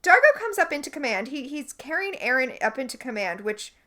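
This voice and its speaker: A woman's voice: high voice, a little fast. A woman co-hosting a podcast, animatedly recapping a TV episode in casual chat. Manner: animated, recaps scenes and quotes characters. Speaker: podcast co-host.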